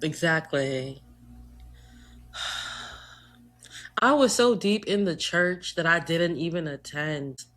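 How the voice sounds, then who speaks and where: A Trinidadian American woman co-hosting a podcast in casual chat, animated and joking, swearing freely. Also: sits low, drawn-out words, pauses often. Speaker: podcast co-host.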